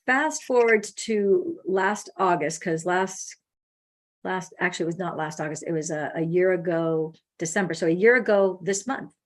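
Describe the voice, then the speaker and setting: A woman's voice: fairly low pitch, normal speed. A woman hosting a casual call, telling stories with acted-out quotes. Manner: animated storyteller acting out quoted speech. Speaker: host. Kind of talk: casual phone consultation.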